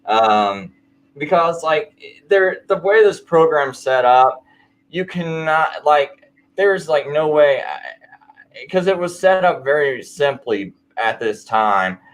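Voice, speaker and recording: A man's voice: a little high, lively intonation, slow pace. A man telling a personal conversion story in a casual late-night chat, rambling and full of fillers.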